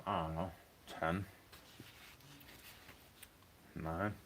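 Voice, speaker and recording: A man's voice: low voice, steady tone, measured pace, fairly bright tone, slight background noise. A young man ranting in a rambling, agitated monologue, swearing as he talks to a stream chat.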